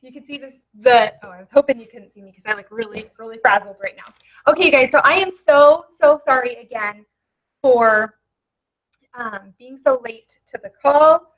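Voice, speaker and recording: Chatty, excitable woman on a headset mic. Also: on the high side, moderate pace, poor audio. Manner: excitable, chatty, many fillers. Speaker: network marketing presenter. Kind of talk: live webinar presentation. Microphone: headset microphone.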